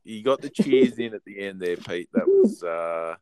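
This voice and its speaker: A man's voice: fairly low pitch, huge pitch swings, moderate pace, dark tone, smooth, no echo. A half-asleep man in teasing casual chat, swearing freely.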